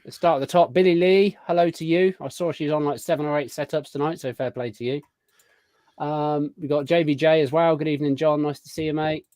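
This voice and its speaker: A man hosting a casual live show, chatting warmly through a long list of viewer greetings. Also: on the high side, steady tone, fairly quick, no echo. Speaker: podcast host. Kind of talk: casual live-stream chat.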